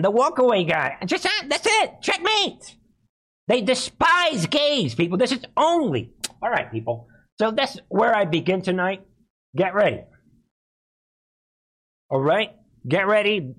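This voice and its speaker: A man's voice: high-pitched, a bit bright. A man hosting a live-streamed political commentary show, talking emphatically and repeatedly calling out to his viewers. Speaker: host of a political commentary channel.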